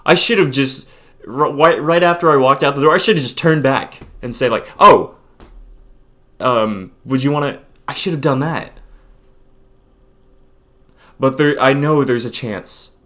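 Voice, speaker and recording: A man's voice: medium pitch, normal speed, fairly bright tone. A man in his twenties rambling hesitantly and self-deprecatingly in a casual confessional vlog. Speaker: vlogger.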